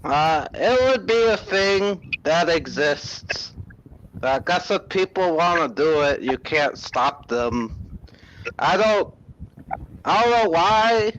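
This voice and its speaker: Slow hesitant man, muffled audio. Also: a little high, slight background noise. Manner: slow, hesitant, flat answers. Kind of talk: casual chat.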